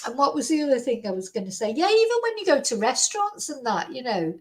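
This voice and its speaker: Fast and very animated with hardly any pauses, a high-voiced woman rambles casually to camera on her own true crime commentary channel, filling her talk with fillers and tag questions. The recording quality is low.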